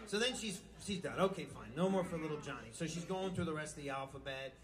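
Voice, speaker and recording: बेतरतीब, भद्दे चुटकुले सुनाता ऊँची आवाज़ वाला आदमी. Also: male voice, fairly high pitch, quick pace. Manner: rambling, crude, loose storytelling. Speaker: stand-up comedian. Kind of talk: live stand-up joke telling. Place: small live venue with music. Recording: live club recording with crowd and music. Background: music and audience noise.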